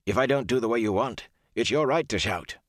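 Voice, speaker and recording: A man voicing a stiffly formal, deferential young male servant in an audiobook, pitched higher than his own voice. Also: brisk, dry recording, studio quality, natural voice.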